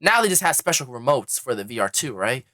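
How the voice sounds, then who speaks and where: A man's voice: medium pitch, very animated, fairly quick, pushed and bright, dry recording, clean studio sound. A man co-hosting a casual gaming podcast, telling long rambling stories and acting out companies in quotes. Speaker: podcast co-host. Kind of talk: casual gaming news chat.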